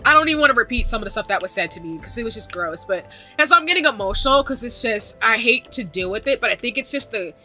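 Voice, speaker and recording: This streamer's voice sits in the mid range and has a sharp edge. Talking directly and sincerely to her chat on a laid-back gaming stream, she fills her speech with fillers while choking back tears.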